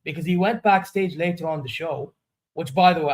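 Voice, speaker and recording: A man's voice: a little high, animated, brisk. A man hosting a wrestling reaction vlog, giving candid, opinionated, rambling commentary. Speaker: wrestling reaction channel host.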